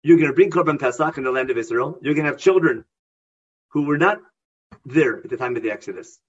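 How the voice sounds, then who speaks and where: Husky-voiced man teaching a Bible class. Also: mid-range voice, expressive, fast, lo-fi sound. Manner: reads Hebrew verses, then explains them with emphasis. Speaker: Torah teacher.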